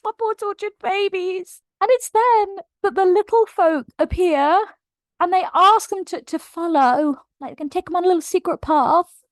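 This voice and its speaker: A woman's voice: fairly high pitch, dry recording. A woman book vlogger giving a casual, emotional and gushing plot recap. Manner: emotional, gushing and animated retelling.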